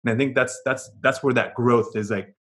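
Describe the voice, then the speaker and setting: A man's voice: medium pitch, steady tone, normal speed. A man co-hosting a podcast in casual chat, earnest and motivational, often restarting his sentences. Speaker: podcast co-host.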